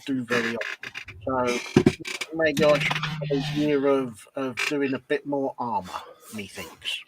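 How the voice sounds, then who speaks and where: A man's voice: medium pitch, a little slow, noisy background. A man co-hosting a casual livestream chat, agreeable and easygoing, often restarting his sentences. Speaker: livestream co-host.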